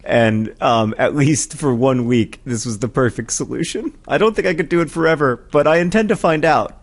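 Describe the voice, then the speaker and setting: A man's voice: mid-range voice, moderate pace. Rambling man co-hosting a chat show. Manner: rambling, self-deprecating, many ums and restarts. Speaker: podcast co-host. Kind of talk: casual comedic chat. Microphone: studio mic with headphones.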